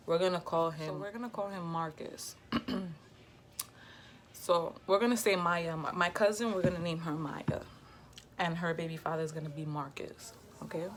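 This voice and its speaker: A young woman, telling a casual storytime in a lively, slangy way and quoting herself and others. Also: fairly low pitch, normal speed, a little hiss or hum. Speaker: vlogger.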